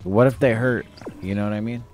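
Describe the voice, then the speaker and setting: Faint music runs behind a young Californian as he livestreams a horror game and chats loosely with viewers, full of profanity and slang. His voice is fairly low and a little mellow, and he talks slightly fast.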